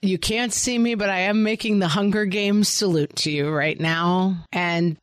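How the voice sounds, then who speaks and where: A woman in her forties co-hosting a podcast, chatting in a wry, animated way and acting out her kids' voices. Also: mid-range voice, unhurried, no room sound. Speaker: podcast co-host. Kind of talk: casual chat.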